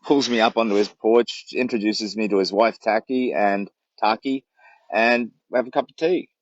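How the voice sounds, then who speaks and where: Talking at a normal speed in a voice on the low side, an Australian man on a long charity walk chats casually to a phone livestream from where he's camped in the bush. His stories are rambling and warm, punctuated by laughs, and the sound is lo-fi.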